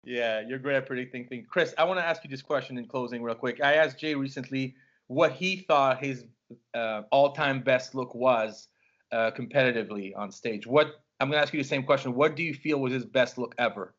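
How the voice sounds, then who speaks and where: A man's voice: medium pitch, fairly quick, fairly bright tone. Easygoing male interviewer, muffled sound. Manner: brief, easygoing questions and short reactions.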